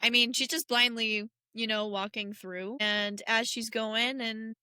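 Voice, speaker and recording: A woman's voice: a little high, fairly even intonation, unhurried, bright, forceful tone, smooth, no echo, clean studio sound. A young woman co-hosting a podcast, retelling film scenes with sassy, slangy asides. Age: young adult. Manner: sassy slangy asides, calls people girl. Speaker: podcast co-host. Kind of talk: casual film rewatch chat.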